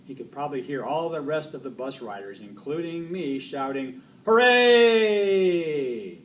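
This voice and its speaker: A man reading a children's book aloud in an expressive storytelling voice. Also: mid-range voice, moderate pace. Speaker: reader. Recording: distant mic, faint noise.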